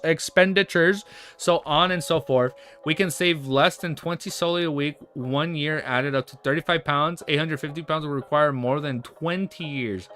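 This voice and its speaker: A male streamer reads a novel to his viewers, pausing often to react in an excited, casual way. His voice sits a little high and sounds bright and forceful. Soft music plays quietly behind him. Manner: reads narration steadily, then breaks off into excited chatty reactions. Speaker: livestreamer. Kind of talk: reading a web novel aloud on stream with reactions.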